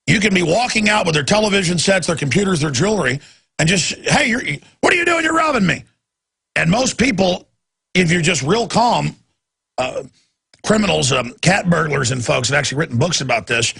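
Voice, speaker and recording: A man's voice: on the high side, expressive, a little fast, a bit bright. A man hosting a talk radio show, ranting through a monologue and acting out the voices he quotes. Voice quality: gravelly, raspy.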